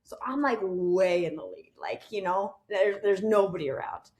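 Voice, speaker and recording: A woman guest on a podcast telling a story in an animated way, acting out quotes and laughing often. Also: mid-range voice, normal speed, reverberant. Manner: expressive, acts out quotes loudly, laughs often.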